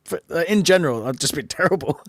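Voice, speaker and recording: A man's voice: on the high side, husky, no echo. A man, co-hosting a football podcast and telling stories while laughing along. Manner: laughs at own anecdotes, storytelling. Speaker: podcast co-host. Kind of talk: casual football chat.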